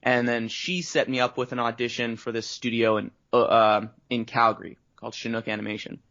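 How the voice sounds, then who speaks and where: A man from Canada tells rambling stories about his start as a voice actor, his voice sitting at an ordinary middle pitch. He slips into the voices of the people he quotes. The recording is dull and lo-fi. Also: fairly even intonation, brisk, vocal fry, a bit bright. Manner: rambling storyteller, acts out quotes. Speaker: guest voice actor. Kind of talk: casual interview chat. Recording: dull lo-fi audio.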